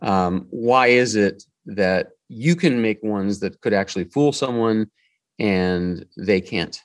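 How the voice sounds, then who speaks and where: A man's voice: on the low side, slow pace, no echo, studio quality. A man hosting a podcast, narrating his script in a wry, playful way. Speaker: podcast host.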